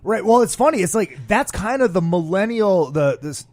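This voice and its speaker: A man hosting a casual podcast chat, loose and profane, often dropping into low mutters. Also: lively intonation, normal speed, darkish tone. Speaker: podcast host.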